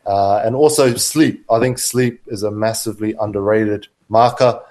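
A man speaking as a guest on a podcast, giving relaxed, practical health advice. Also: lowish voice, moderate pace. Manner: relaxed, steady, gives practical health tips. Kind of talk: casual advice in interview.

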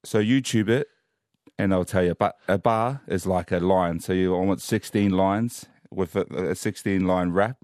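A man's voice: deep voice, moderate pace, darkish tone, dry recording, studio quality. A man co-hosting a sports chat show in easygoing, jokey banter. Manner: laid-back, jokey banter. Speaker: podcast co-host. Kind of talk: casual chat.

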